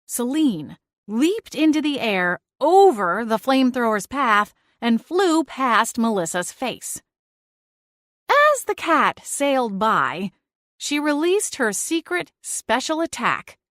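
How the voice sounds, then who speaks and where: Woman narrating a lively fantasy audiobook. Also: on the high side, slow, no echo, studio quality. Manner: lively, dramatic storytelling. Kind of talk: first-person audiobook narration.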